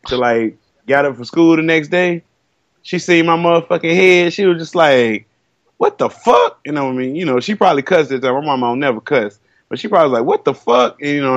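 A relaxed man in his thirties spins a long, profane story on a podcast, drawling and acting out other people's lines. The sound is dry and close, a little dull and lo-fi. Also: mid-range voice, dry recording. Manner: laid-back storytelling, heavy cursing, acts out quotes. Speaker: podcast co-host. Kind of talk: casual chat.

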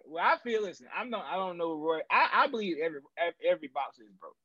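A man co-hosting a loose chat show, asking questions in a lively, halting way. His voice is high for a man and swings widely in pitch. The sound is dry and a little dull, like a lo-fi recording. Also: dry recording. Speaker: podcast co-host. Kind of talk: casual chat.

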